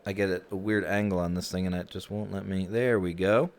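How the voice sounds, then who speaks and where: A man with a low, deep voice welcomes people into a virtual room, talking in a relaxed, chatty way full of little fillers. The sound is close, as through a headset microphone. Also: fairly quick. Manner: easygoing, chatty, frequent "you know" and "um". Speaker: host of a virtual reality group session. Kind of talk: casual group hosting.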